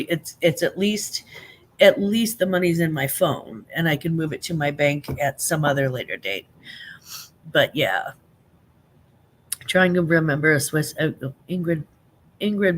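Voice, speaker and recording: Hosting a live stream, a woman in her fifties chats in a loose, rambling way, filling it with fillers and restarts and frequent laughter between remarks. Her voice sits low.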